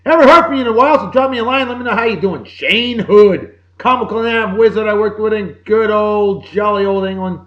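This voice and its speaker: A man with a Boston accent hosting a casual show, giving upbeat, jokey birthday shout-outs. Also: sits high, fairly quick, hardly any pauses, dull audio. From Massachusetts. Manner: upbeat, jokey, sing-song greetings. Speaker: podcast host.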